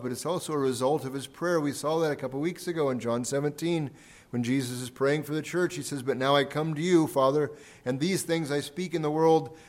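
A man's voice: a little high, a little mellow. Man preaching an earnest sermon. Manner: earnest preaching, repeating key phrases for emphasis, volume rising and falling. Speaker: pastor. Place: church sanctuary.

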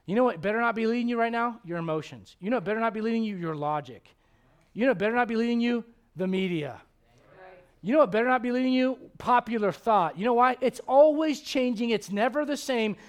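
A pastor with a very high voice preaches quickly to his congregation at a church service. He is emphatic, hammering his points home with repeated rhetorical questions.

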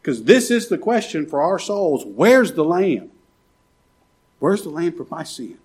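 Impassioned husky male preacher. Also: a little high, sing-song, measured pace. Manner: impassioned, rising to pleading cries. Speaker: pastor. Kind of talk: sermon. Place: church.

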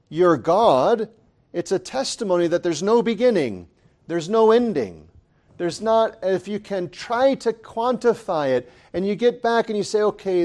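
A man preaching at an unhurried pace, his voice sitting a little higher than most men's. He lands each phrase deliberately and comes back to the key words again and again for emphasis. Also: a little mellow. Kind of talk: sermon.

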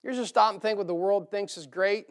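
Preacher guy, high gravelly voice, folksy sermon with jokes and loud emphatic bits. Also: fast. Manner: folksy, humorous, rising to emphatic bursts. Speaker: pastor. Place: church sanctuary.

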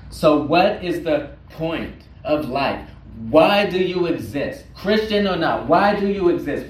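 Slow, emphatic preacher man in echoey hall. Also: mid-range voice. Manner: slow and emphatic, repeating words for weight. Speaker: pastor. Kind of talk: sermon. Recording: roomy echo, distant mic, faint noise.

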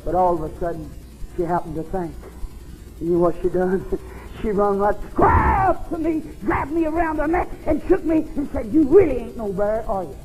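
A man preaching a fervent, folksy revival sermon at a church service, often climbing into shouts. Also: sits high, normal speed, soft background music, low-quality recording.

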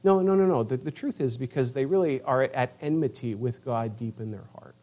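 A middle-aged male pastor preaching a sermon with passion, acting out quoted voices and swinging from loud declarations to hushed asides. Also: medium pitch, fairly quick.

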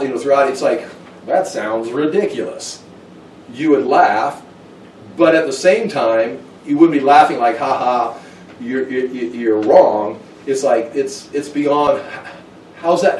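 A man's voice: medium pitch, darkish tone, slight background noise. A man teaching a Bible study in an informal, conversational way, now and then acting out short quoted exchanges. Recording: echoey room, mic at a distance.

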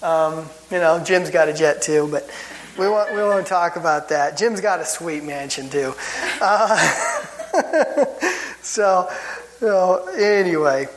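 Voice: medium pitch, lively intonation, slow, pauses often. Wry chuckling Bible teacher. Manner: gets worked up. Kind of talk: casual teaching talk.

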